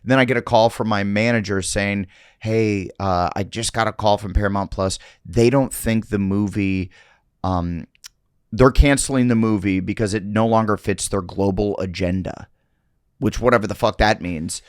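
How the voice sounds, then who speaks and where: A comedian guest on a podcast, telling loose stories in casual chat and swearing freely. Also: male voice, lowish voice, fairly even intonation, normal speed, clear, resonant tone, no echo, clean studio sound. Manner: loose, swearing storyteller with quoted voices.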